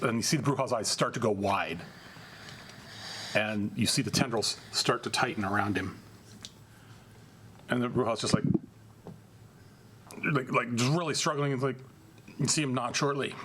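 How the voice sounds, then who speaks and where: A man's voice: medium pitch, slight background noise. Man narrating as game master. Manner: relaxed, halting narration with fillers. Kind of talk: narrating a tabletop role-play game.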